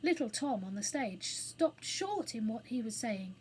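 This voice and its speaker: A woman reading a children's book aloud as storyteller, in a clear, expressive manner. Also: fairly high pitch, measured pace, rough recording.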